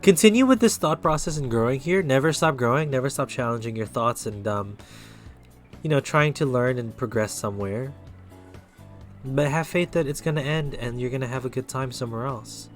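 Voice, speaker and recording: A man hosts a relaxed tarot stream, talking straight to his chat in a loose, upbeat way. His voice sits at an ordinary middle pitch. Soft music plays faintly underneath. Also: moderate pace. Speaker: tarot reader and live streamer. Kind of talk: casual live-stream tarot reading.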